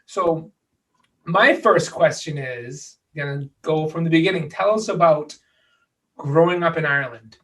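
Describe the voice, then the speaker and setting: A man's voice: a little high, unhurried, fairly bright tone. A man hosting a podcast, introducing his guest with rambling, filler-heavy sentences. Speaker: podcast host. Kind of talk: podcast interview. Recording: distant mic with faint music.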